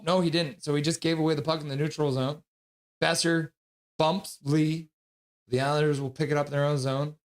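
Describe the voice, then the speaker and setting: A man hosting a live stream, calling hockey play-by-play in a casual, chatty way and joking with chat between calls. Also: on the high side.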